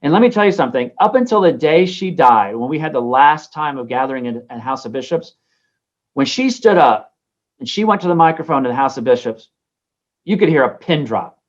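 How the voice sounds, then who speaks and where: Bishop giving a chatty informal lecture. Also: male voice, on the high side, lively intonation, fairly quick, dull audio. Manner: conversational, many ums and restarts. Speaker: bishop teaching a class.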